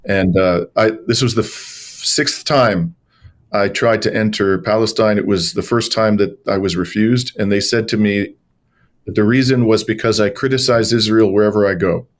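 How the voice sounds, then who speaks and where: Male interview guest, low voice, chatty anecdotes with frequent uhs and restarts. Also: moderate pace. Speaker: guest journalist and lawyer. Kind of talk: conversational interview storytelling.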